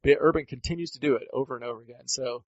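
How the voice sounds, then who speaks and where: A man's voice: medium pitch, rapid-fire, dry recording. A man co-hosting a casual sports podcast, ranting and rambling in an exasperated way. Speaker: podcast co-host. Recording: dull lo-fi dry audio.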